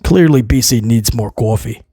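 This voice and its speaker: A man giving a blunt, sarcastic, exasperated solo review, breaking into loud comic outbursts to mock what he saw. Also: mid-range voice, normal speed, breathy edge, no echo, studio quality. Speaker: wrestling show reviewer.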